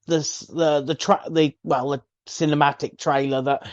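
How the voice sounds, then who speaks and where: A man co-hosting a gaming podcast, talking in a hesitant, halting way. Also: a little high, fairly even intonation, dry recording, muffled recording. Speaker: podcast co-host. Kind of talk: casual chat.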